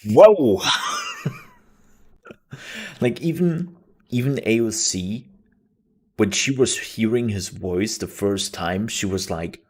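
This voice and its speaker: A man's voice: fairly low pitch, measured pace. A man hosting a live stream, chatting casually and rambling, with many fillers and restarts. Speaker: streamer and news show host.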